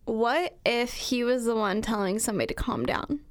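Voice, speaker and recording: A woman's voice: a little high, moderate pace. A woman co-hosting a casual chat podcast, rambling animatedly and acting out what she hears. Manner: animated, rambling, acts out voices. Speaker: podcast co-host. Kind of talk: casual true-crime chat.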